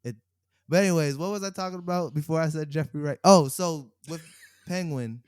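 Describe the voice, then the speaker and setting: A young man co-hosting a podcast, chatting casually and telling animated stories with laughs mixed in. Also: on the high side, fairly quick, clean tone, no room sound, studio quality. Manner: animated storyteller, laughs mid-sentence. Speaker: podcast co-host. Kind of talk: casual chat.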